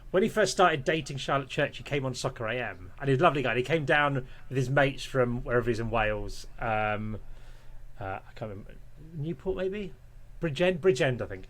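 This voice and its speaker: A man spins a long, rambling story in a casual podcast chat. He talks at a middle pitch with plenty of restarts, asides and chuckles. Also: animated, brisk, fairly bright tone. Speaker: podcast guest. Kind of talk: casual anecdote telling.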